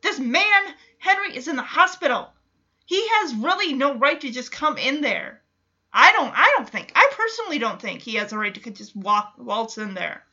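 A woman's voice: high-pitched, expressive, moderate pace, pushed and bright, highs cut off. A woman hosting a reaction video, recapping a TV episode and talking emphatically and with exasperation straight to viewers.

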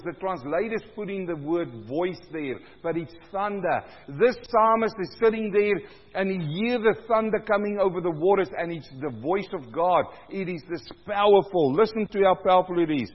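A high-pitched man preaches a booming sermon, his voice swelling loud as he reads scripture to the congregation. The sound is dull and lo-fi, and a long reverb trails after each phrase. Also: expressive, a little slow. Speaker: pastor.

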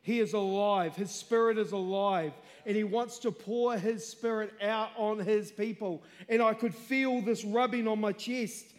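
A man with a very high voice preaching a testimony sermon. He drifts from hushed storytelling to full-throated shouting, and the sound rings out with a long hall reverb. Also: steady tone, measured pace, few pauses. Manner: swings from quiet storytelling to loud shouted preaching.

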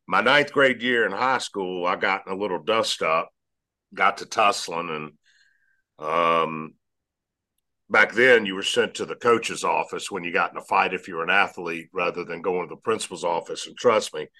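Man, low voice with a forceful edge, earnest guest storyteller. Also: moderate pace. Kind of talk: storytelling interview answer.

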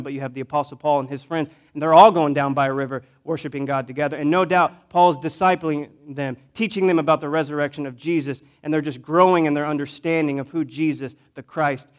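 Pastor preaching a conversational storytelling sermon. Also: male voice, a little high. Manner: conversational, swings between loud emphasis and quiet asides.

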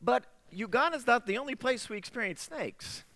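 A man's voice: extremely high pitch, animated, normal speed, bright, forceful tone, no echo, long reverb tail. A middle-aged man preaching a sermon, telling a personal story with acted-out dialogue. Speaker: pastor.

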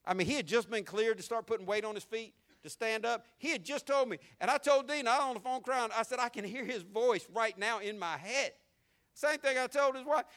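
Male pastor, high bright voice, preaching in a folksy style with big swings from loud to hushed. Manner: preaching with sweeping shifts between shouted and hushed delivery; folksy and conversational. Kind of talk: sermon.

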